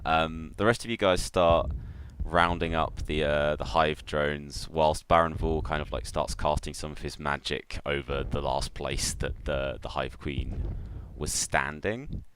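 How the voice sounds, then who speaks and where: A man's voice: rumbling low, little pitch movement, unhurried, background noise. A man running a tabletop game as game master, narrating casually with many fillers.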